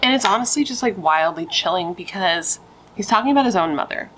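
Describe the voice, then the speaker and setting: A woman's voice: mid-range voice, lively intonation, a little fast, fairly bright tone, faint music behind, poor audio. A young woman telling a true crime story in a casual, blunt way, chatting and swearing with rambling asides.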